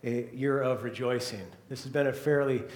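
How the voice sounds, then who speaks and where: A man preaching a sermon as pastor, moving between soft, hushed passages and loud, emphatic ones. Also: medium pitch, steady tone, normal speed, reverberant.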